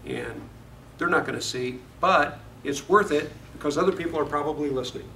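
Guy teaching bible class, kinda high voice, chatty, asks the room stuff, echoey and far from mic. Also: fairly quick, bright, forceful tone, slight background noise. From Florida. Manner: conversational, asks the class questions.

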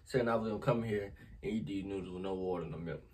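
Husky-voiced man vlogging to camera. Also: deep voice, fast talker, a little mellow. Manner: exclaiming, talks straight to viewers. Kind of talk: casual chat to camera.

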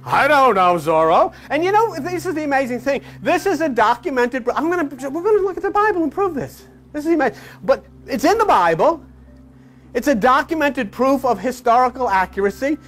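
A man's voice: very high-pitched, animated, fairly quick. A man delivering an impassioned, mocking monologue, breaking into snatches of song and imitating other people. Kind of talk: animated monologue.

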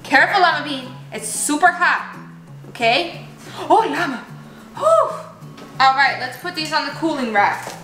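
A woman's voice: high-pitched, normal speed, reverberant, music in the background. A young adult woman narrating a playful vlog, talking animatedly to her toy llamas and to viewers. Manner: animated, talks to toys and viewers. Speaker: vlogger playing with toy llamas.

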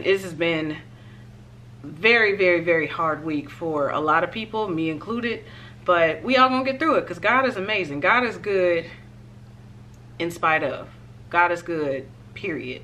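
A woman fashion vlogger chatting casually to her viewers in a try-on haul, expressive and direct. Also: on the low side, slight background noise.

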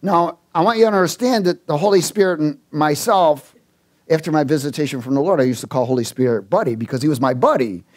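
A man preaching a sermon, telling a personal story and acting out the dialogue in it, with halting restarts and chuckles. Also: fairly high pitch. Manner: animated storyteller, acts out dialogue.

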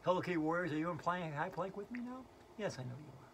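A man's voice: high voice, lively intonation, fast talker, fairly bright tone, a little hiss or hum. A man playing a giddy, quirky female yoga teacher who keeps breaking into giggles as she leads a comedic lesson. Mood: soft coaxing. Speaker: yoga instructor.

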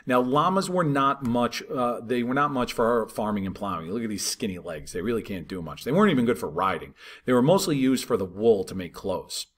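A man teaching a history lesson in a relaxed, conversational way, talking over maps and checking in with "right?" and "all right". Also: mid-range voice, fairly quick.

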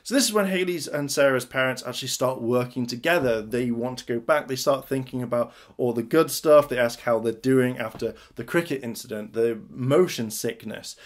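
A man's voice: mid-range voice, moderate pace, few pauses. A man casually recapping and reviewing a TV episode, talking loosely with lots of "like" and "kind of". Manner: chatty, fills with "like" and "kind of".

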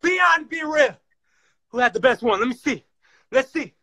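A man talking to viewers on a live stream, loud and excitable, hyping up a dance battle. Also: extremely high pitch, normal speed, dry recording, studio quality. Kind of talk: casual live-stream chat. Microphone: phone mic on a live stream.

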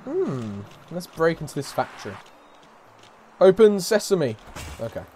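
A man commentating a game, loud and mocking, swearing and taunting characters. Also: a little high, sing-song, a little slow, slight background noise. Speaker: gaming YouTuber. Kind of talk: let's play commentary. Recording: game music faint behind.

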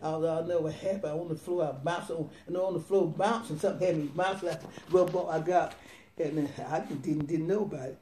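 A woman in her nineties, an evangelist, telling her testimony in a rambling, excited, laughing way. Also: low-pitched, fairly quick, roomy sound, distant mic, slight background noise. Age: 90s.

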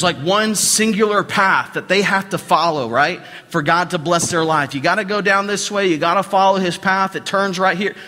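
In a church sanctuary with long hall reverb, a pastor with a Southern American accent preaches in a high-sitting, sharp-toned voice. His sermon is conversational, full of repeated phrases and questions put to the congregation.

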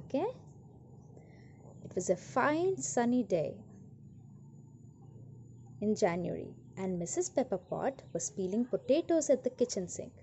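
A woman reads a children's story aloud, animated and pausing to question her listeners. Her voice is rather high and swings widely, paced very slowly, with a faint hiss behind.

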